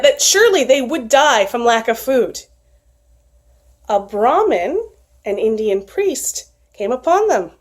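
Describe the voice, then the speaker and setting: A woman retelling a folktale aloud in an expressive, animated storytelling manner. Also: sits high.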